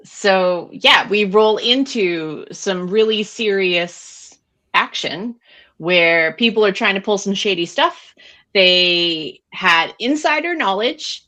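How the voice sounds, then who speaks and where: A woman co-hosting a podcast, recapping a book in casual, animated chat full of fillers. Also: mid-range voice, slow pace. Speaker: podcast co-host.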